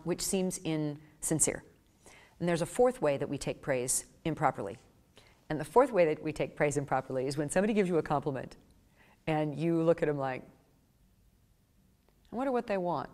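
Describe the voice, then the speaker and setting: A woman's voice: lowish voice, a little mellow, in a large hall. A woman giving a live seminar to pet-business owners, acting out little quoted exchanges as she goes.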